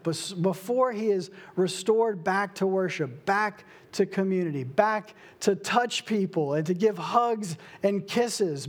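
A young adult man preaching a sermon, slow and emphatic, with dramatic pauses. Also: sits high. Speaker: pastor.

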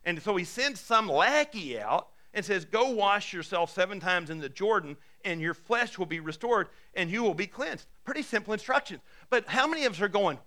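A man's voice: animated, a little fast, hardly any pauses, pushed and bright. A man preaching a sermon, retelling a Bible story in casual words and acting out the characters' lines. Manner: lowers his voice for the closing appeal. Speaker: pastor.

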